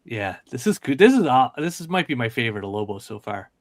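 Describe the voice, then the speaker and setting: A man's voice: mid-range voice, big pitch swings, quick pace, no room sound, clean studio sound. A man co-hosting a casual online show, easygoing and full of "yeah" and "all right" as he reviews photos. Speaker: podcast co-host reviewing toy photos. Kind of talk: casual chat.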